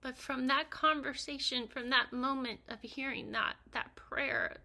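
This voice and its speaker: A middle-aged woman telling an emotional personal story in an earnest, halting way, sometimes dropping to a near whisper. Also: high voice, steady tone, bright, forceful tone. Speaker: vlogger recounting her husband's death.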